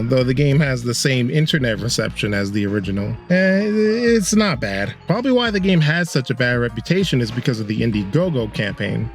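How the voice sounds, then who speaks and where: Man, game reviewer, casual narration, sarcastic, lively pitch, soft music behind. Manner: sarcastic, swearing.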